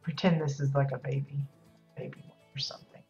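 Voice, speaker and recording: A woman's voice: rumbling low, little pitch movement, fast, darkish tone. A woman streamer chatting casually as she decorates in a game, rambling and hesitant with many fillers, her voice a little worn. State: losing her voice. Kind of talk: casual live-stream commentary. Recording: dull lo-fi stream audio with music.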